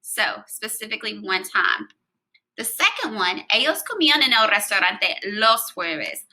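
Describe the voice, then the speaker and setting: A woman's voice: mid-range voice, very animated, moderate pace, bright, forceful tone, rough recording. A woman teaching a recorded Spanish grammar lesson, explaining patiently and spelling out letters.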